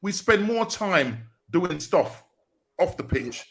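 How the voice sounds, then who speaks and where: A man co-hosting a podcast in casual football chat, with a quick, chatty manner. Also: high-pitched, big pitch swings, a bit bright. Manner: chatty, quick back-and-forth with fillers. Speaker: podcast co-host.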